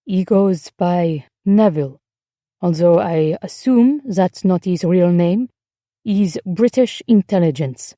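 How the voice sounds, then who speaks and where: A weary, secretive French husband, as a woman narrator voices him speaks in a low, guarded and tense way. The tone is mellow and the sound is dry and close. This is audiobook dialogue. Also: slow, no echo.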